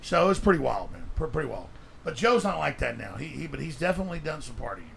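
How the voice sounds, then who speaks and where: A man's voice: on the high side, very animated, quick pace, gravelly, a bit bright, a little hiss or hum. A man, a guest in a casual chat, telling boisterous stories and cutting in. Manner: boisterous, interjecting storyteller.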